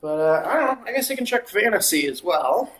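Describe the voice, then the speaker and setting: A watchalong streamer calling the game play by play, stretching out calls and drifting into casual asides, on a mic that peaks on loud moments. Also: mid-range voice, big pitch swings, fairly quick, roomy sound, low-quality recording. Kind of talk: amateur play-by-play commentary.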